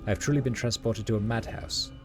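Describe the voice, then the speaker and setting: A man's voice: lowish voice, fast, over music, natural voice. A man voicing a proud, easily offended warrior who talks in a pompous, archaic and formal way. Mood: haughty.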